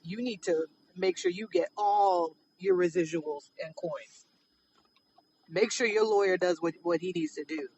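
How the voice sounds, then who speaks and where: High-voiced guy ranting into a voicemail, sounds far off and muffled, cars going by. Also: a little slow, a little mellow. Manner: indignant, emphatic, repeats his points. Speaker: caller leaving a voicemail. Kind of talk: voicemail message. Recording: distant, dull voicemail with traffic noise.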